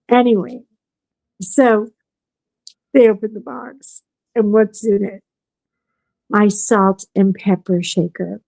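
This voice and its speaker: A woman podcast host telling a story in casual chat, animated and acting out what people said. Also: medium pitch, takes it slowly, gravelly, pauses often, dry recording, low-quality recording. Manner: animated storyteller who acts out quotes.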